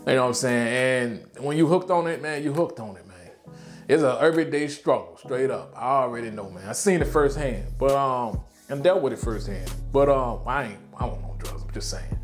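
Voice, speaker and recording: A man talking casually and excitedly as he reviews a TV show, full of slang and swearing. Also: medium pitch, normal speed, faint music behind.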